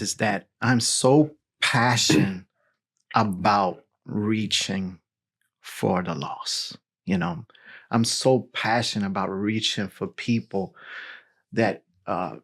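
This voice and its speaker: A man in his forties, a pastor, telling his personal testimony in a lively storytelling way, full of "you know" and "right?". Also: fairly low pitch, vocal fry, husky. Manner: animated storytelling with filler words.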